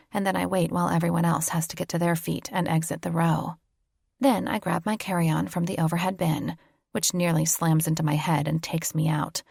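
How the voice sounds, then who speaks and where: A woman's voice: low-pitched, vocal fry, a little mellow, breathy edge, no room sound, clean studio sound. A woman narrating a first-person romance audiobook in a wry, confiding way, dropping to whispers for inner thoughts.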